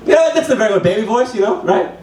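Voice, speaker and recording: A man's voice: high voice, rapid-fire, a little mellow. A young man in his twenties doing loose, profane, rambling open-mic stand-up in a small club. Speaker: stand-up comedian. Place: small comedy club stage. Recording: roomy room sound from a distance.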